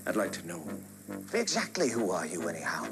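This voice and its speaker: A haughty, moneyed man sneers in a low, gravelly voice that swings up and down with scorn. Loud film music plays under him. It is a film clip. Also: wildly swooping pitch, full character voice. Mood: contemptuous. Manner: cold, contemptuous, deliberate. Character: arrogant wealthy man sneering at an upstart. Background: loud film score.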